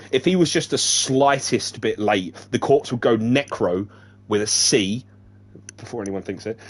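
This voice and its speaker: A man reading a novel aloud in a casual way, breaking off now and then to joke and laugh. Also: mid-range voice. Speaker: reader of a novelization. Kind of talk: casual read-aloud narration.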